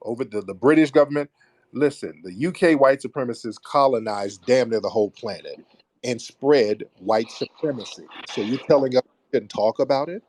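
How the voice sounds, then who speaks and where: A man hosting a live call-in debate, forceful and insistent, repeating his points and cutting callers off. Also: mid-range voice, normal speed, no echo. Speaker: host of a live call-in audio show.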